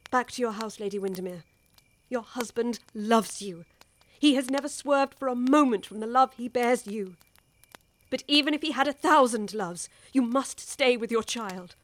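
A woman's voice: on the high side, a bit bright. An actress with an English accent playing a worldly older woman who urgently pleads with a young wife, in a radio drama.

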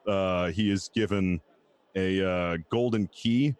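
A man's voice: deep voice, slow, darkish tone, no room sound. A man narrating a tabletop role-play as game master, rambling and amused. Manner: rambling, amused, filler-heavy.

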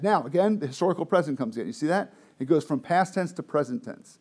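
A man's voice: mid-range voice, expressive, moderate pace, darkish tone. A man teaching a Bible study to a group, explaining the text and asking the group questions.

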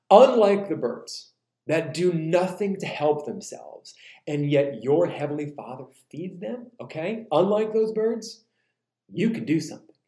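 A man preaching a sermon in an animated way, acting out quoted voices and slowing down for emphasis. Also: a little high, roomy sound. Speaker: pastor.

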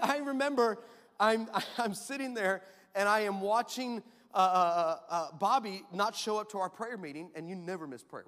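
A man preaching a sermon as pastor, telling a story in an animated way, acting out quotes and laughing often. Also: fairly high pitch. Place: large church hall. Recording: reverberant church hall.

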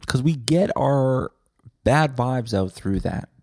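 A man's voice: mid-range voice, lively intonation, takes it slowly, a little mellow, no room sound. A man hosting a podcast, delivering a rambling, profane, sarcastic comedic monologue on a close mic. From Winnipeg, Canada. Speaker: podcast host.

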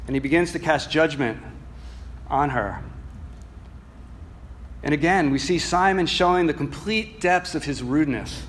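A man preaching a sermon, earnest and reflective, moving from soft musing to emphatic passages and reading scripture slowly. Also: fairly high pitch, slight background noise. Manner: reads scripture slowly and deliberately.

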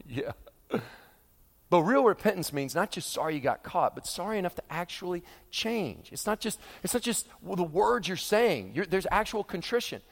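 A middle-aged male pastor preaching a sermon, animated and acting out quoted voices with humor. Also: high-pitched, normal speed, gravelly. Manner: animated, acts out quoted voices, laughs with the audience. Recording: long hall reverb.

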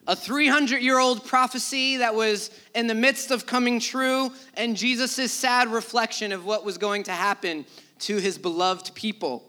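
High, bright-voiced male preacher. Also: normal speed. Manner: conversational, animated storytelling with acted asides. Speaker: pastor. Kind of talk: sermon.

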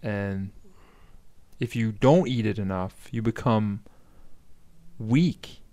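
A man's voice: on the low side, slow, mellow. A man co-hosting a podcast, rambling through crude comic stories and laughing often. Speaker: podcast co-host. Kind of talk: casual comedic chat.

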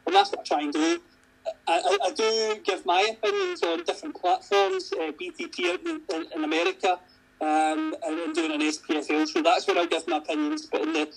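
Earnest man with a gravelly voice. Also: extremely high pitch, rough recording. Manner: earnest, frequently repeats words while restarting. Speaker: podcast guest. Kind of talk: casual interview chat.

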